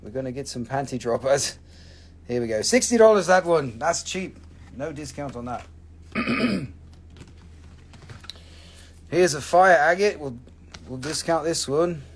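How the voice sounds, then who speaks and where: A man's voice: fairly high pitch, lively intonation, a little slow, long pauses, slightly rough. A middle-aged man hosting a live rock and mineral sale, chatting casually in a profane, rambling way. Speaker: host selling rocks and minerals on a livestream. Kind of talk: casual live sales chat. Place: family-owned rock and mineral shop.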